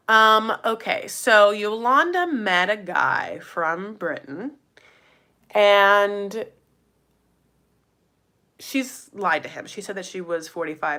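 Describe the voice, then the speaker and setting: A woman's voice: mid-range voice, animated, a little slow, sharp tone. A woman recapping a reality show in a casual, gossipy chat, full of "like" fillers and playful asides to her viewers. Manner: addresses viewers directly as "you guys" and "honey". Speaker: recap vlogger.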